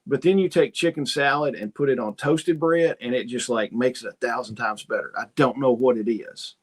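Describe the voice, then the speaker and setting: This livestream host, a man with a slightly rough mid-range voice, talks at a moderate pace. Between viewer comments, he rambles through folksy stories, playing every role in the dialogue himself.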